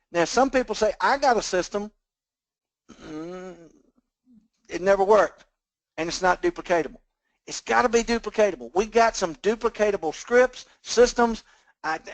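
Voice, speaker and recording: A man's voice: high voice, dry recording. An older man leading a motivational business coaching talk over a phone conference line, folksy and plainspoken, often checking in with his listeners. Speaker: business trainer leading a team call.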